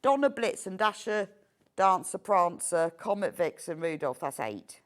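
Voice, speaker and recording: A woman presenting on a live shopping channel, her voice swooping high and low with eager delight. She gushes over each item and laughs easily, keeping the pitch lively from phrase to phrase. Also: measured pace. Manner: gushing, enthusiastic, laughs easily.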